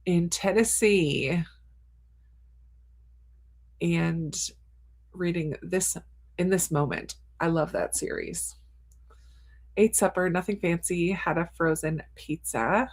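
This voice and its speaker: A woman's voice: on the low side, slow pace, long pauses, husky. A woman hosting a cozy reading livestream from her attic, reading viewers' comments aloud and reacting with frequent laughs. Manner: laughs often between comments. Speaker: booktuber host reading live chat. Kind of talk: casual livestream chat. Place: home attic.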